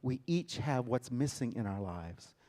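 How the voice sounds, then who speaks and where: Guy telling a story at a lecture, mid-pitched, gets loud and dramatic on the big beats. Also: expressive, a little slow. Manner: dramatic, emphatic retelling with sudden loud bursts. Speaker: theater director giving a lecture. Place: lecture hall.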